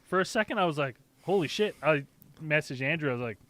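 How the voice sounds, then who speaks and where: A man's voice: on the high side, lively intonation, fast, bright, forceful tone, no echo. A man hosting a live podcast, chatting casually and rambling with many fillers and laughs. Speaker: podcast host. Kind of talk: casual live-stream chat.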